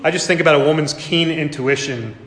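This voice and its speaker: A man's voice: a little high, brisk, fairly bright tone. A male pastor giving a sermon, telling the scene vividly and acting parts of it out, in a church. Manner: vivid storytelling, acts out scenes. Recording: echoey hall.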